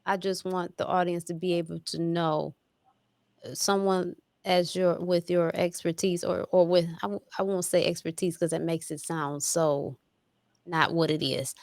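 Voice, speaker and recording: A woman's voice: fairly low pitch, steady tone, normal speed, darkish tone, dry recording. Enthusiastic woman host, dry sound. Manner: loose, enthusiastic, swears casually. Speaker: interview host. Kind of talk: casual interview chat.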